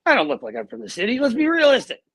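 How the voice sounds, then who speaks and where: Blunt middle-aged guy, high husky voice on a video call, dry sound. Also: rapid-fire, no room sound, poor audio. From Canada. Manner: animated, blunt, swears freely. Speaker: guest. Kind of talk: emotional personal storytelling. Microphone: earbuds.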